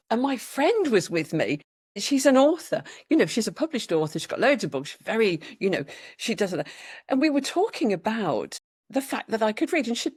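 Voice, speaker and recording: Animated British woman telling her story. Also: mid-range voice, brisk, slightly rough, dry recording, studio quality. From Britain. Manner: animated storytelling, acts out quoted voices. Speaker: podcast guest, author. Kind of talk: casual interview chat.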